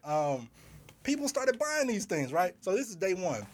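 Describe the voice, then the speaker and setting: Animated storytelling man, faint hiss. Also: sits high, moderate pace. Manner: animated storytelling with laughs and quoted dialogue. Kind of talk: casual chat.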